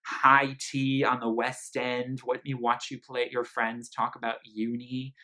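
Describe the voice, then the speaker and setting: A man's voice: medium pitch, little pitch movement, measured pace, pushed and bright. A man from Philadelphia giving a casual, gossipy album review, full of "like" and "girl". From Philadelphia, Pennsylvania. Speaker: music reviewer.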